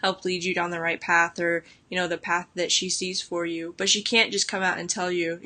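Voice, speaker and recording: Chatty bright-voiced young woman. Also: fairly low pitch, flat delivery, normal speed. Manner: chatty, full of "like" and restarts, laughing often. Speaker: book vlogger. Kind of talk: casual book discussion.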